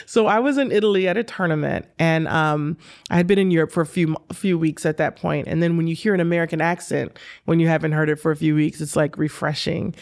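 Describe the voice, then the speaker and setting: A woman in her forties telling lively stories as an interview guest, acting out the dialogue and laughing often. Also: deep voice. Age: 40s. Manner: animated, laughing, acts out quoted dialogue. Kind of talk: storytelling in a casual interview.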